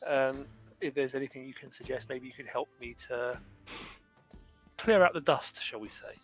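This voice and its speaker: A man's voice: mid-range voice, a bit bright, faint music behind, lightly acted. A man voicing an ancient male warforged construct who speaks in a formal, roundabout way. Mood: courteous. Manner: formal, measured, politely roundabout.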